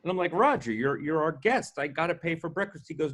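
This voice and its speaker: A festival co-founder tells anecdotes casually, speaking fast in a fairly high voice with few pauses. He's animated and acts out the dialogue of the people he quotes.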